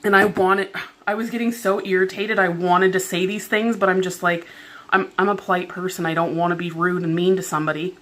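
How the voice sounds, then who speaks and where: With lots of "like" and plenty of exasperation, a woman vlogger tells a story at home in a casual, chatty way. Her fairly low, slightly bright voice keeps a fairly even intonation and runs a little fast.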